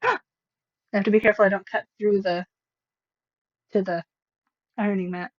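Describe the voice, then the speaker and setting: A woman's voice: mid-range voice, steady tone, normal speed, highs cut off. A woman livestreamer chatting casually, rambling with sarcastic, self-mocking asides.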